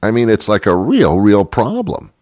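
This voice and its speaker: A man's voice: lowish voice, wildly swooping pitch, moderate pace, darkish tone, no room sound, clean studio sound. A middle-aged man hosting a talk show, delivering a sardonic comedic monologue and then interviewing a guest. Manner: sardonic, acts out both sides of imagined dialogues.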